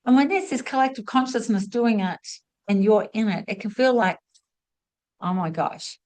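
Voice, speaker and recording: A middle-aged woman who hosts a spiritual masterclass, giving a chatty, expressive motivational talk to camera. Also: fairly high pitch, brisk, poor audio. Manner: chatty and expressive, acts out little quotes. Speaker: spiritual teacher hosting a masterclass.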